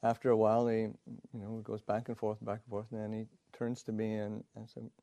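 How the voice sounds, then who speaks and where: A man, a Buddhist monk, telling a story in a dharma talk, halting with many pauses and fillers and chuckling along the way. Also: on the low side, monotone, dark tone, no echo.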